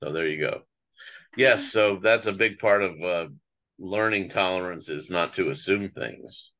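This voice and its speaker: A man hosting a casual interview, calm and affirming, with short acknowledgements and thanks to his guest. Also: deep voice, measured pace, dull audio. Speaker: host.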